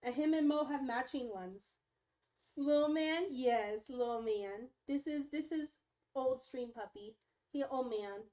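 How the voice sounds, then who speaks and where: A woman's voice: high-pitched, unhurried, dark tone. A young woman streaming from home, chatting casually with viewers and talking baby talk to her dogs. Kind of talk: casual live-stream chat.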